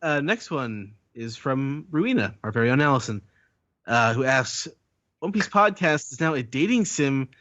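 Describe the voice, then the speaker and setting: A man's voice: medium pitch, expressive, moderate pace, a bit bright, muffled recording, slight background noise. Man reading out listener questions. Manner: reads questions out, laughs easily. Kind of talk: casual podcast chat.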